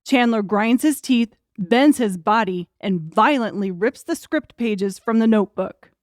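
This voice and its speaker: A woman's voice: fairly high pitch, lively intonation, a little slow, no room sound. A woman narrating an audiobook in a wry, crude comic storytelling manner.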